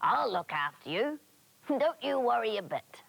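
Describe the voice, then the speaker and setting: A woman voicing a cheerful, caring teddy bear boy who speaks gently and reassuringly. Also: on the high side, big pitch swings, measured pace, vocal fry, heavily acted.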